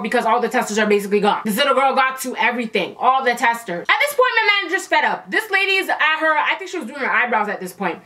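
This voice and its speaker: A woman vlogger telling a work story in a casual, animated, emphatic way, often repeating phrases for effect. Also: high voice, fast talker, hardly any pauses.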